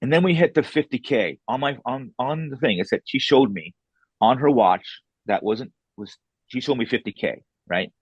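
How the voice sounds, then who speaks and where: Man, husky voice, dry close mic, casual animated storytelling, blunt. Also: mid-range voice, moderate pace, no room sound, dull audio. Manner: animated, re-enacts dialogue, blunt and salty. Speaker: author interviewed as a podcast guest.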